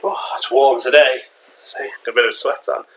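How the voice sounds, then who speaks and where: An English-accented man, a collectibles vlogger, chats casually indoors at home, rambling with lots of fillers and restarts. His voice is medium-pitched and fairly bright, delivered flatly at a moderate pace, and the audio quality is poor.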